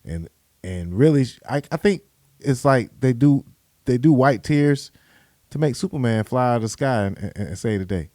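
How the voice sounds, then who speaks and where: A man's voice: medium pitch, animated, normal speed, mellow, dry recording. Male podcast host, loose slangy riffing, dry close sound. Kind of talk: casual commentary.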